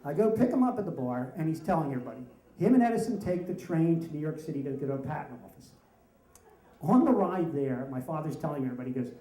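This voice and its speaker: A man with a somewhat high but mellow, dark-toned voice tells a wry story from his family life at a live story slam. He acts out the people he quotes with lively energy. His voice carries the echo of a roomy hall. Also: fast talker. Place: stage in a room with an audience.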